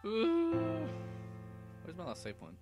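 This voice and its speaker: A man's voice: very high-pitched, wildly swooping pitch, takes it slowly, muffled recording. A young man giving casual, rambling gameplay commentary full of swearing and mumbled asides. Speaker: let's play gamer. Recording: game music loud behind voice. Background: game music.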